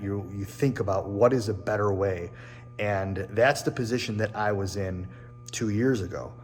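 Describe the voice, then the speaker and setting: A man's voice: fairly low pitch, big-room sound, slight background noise. A man hosting his own show, talking earnestly and reflectively to camera, often repeating and restarting phrases, in a machine shop. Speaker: real estate agent and show host. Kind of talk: casual personal talk to camera.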